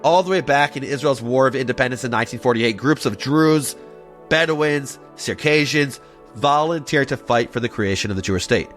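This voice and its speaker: A man hosting a scripted history explainer, playful and animated, with jokey asides. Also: medium pitch, normal speed, faint music behind. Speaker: podcast host.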